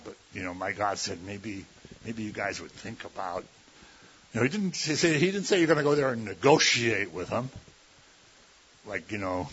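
A man's voice: sits low, a bit bright, a little hiss or hum. A man preaching a sermon in a conversational, folksy way, often slipping into mimicked voices. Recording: dull lo-fi recording.

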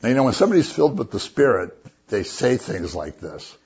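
A man's voice: lowish voice, big pitch swings, brisk, darkish tone, slightly rough. A man preaching a sermon as a pastor, conversational and joking as he retells the story. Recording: dull lo-fi recording.

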